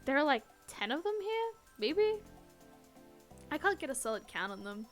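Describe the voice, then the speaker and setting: A woman's voice: high-pitched, very animated, normal speed, faint music behind. A young woman commenting on a dating game on a live stream, chatty and giggly, tired from no sleep, at a desk microphone at home. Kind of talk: game let's-play commentary.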